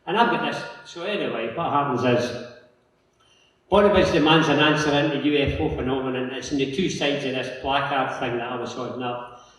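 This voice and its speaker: A man's voice: medium pitch, normal speed, a bit bright. A man with a Scottish accent giving a chatty, rambling conference talk, telling a story and acting out the other people's lines. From Scotland. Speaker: local councillor giving a talk. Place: large conference hall. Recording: echoey hall from far off.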